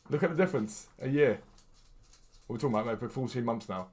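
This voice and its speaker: A young man with a husky, mid-range voice speaks at a quick pace while streaming a video game. His talk to viewers is casual, energetic, and chatty.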